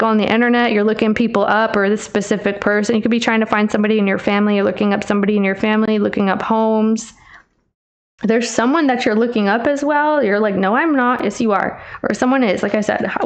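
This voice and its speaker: A woman giving a casual tarot reading, chatty and teasing, calling the listener babe. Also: a little high. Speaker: tarot reader.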